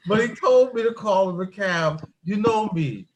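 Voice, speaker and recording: Man, airport shuttle driver, pun-loving storyteller, laughs a lot, high animated voice. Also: measured pace, noisy background. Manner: jokey wordplay, laughs often. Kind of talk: casual chat, telling work stories.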